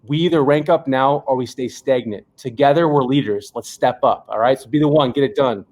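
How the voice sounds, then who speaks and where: A man's voice: mid-range voice, brisk, a little mellow. A young man on a video call delivering a hyped, preachy motivational pep talk full of slogans. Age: young adult. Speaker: co-founder giving a motivational talk.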